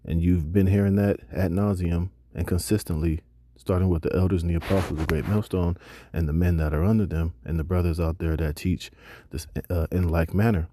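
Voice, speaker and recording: A man's voice: low voice, steady tone, a little fast, mellow. A man teaching a Bible lesson, reading scripture and then preaching emphatically with casual slang asides.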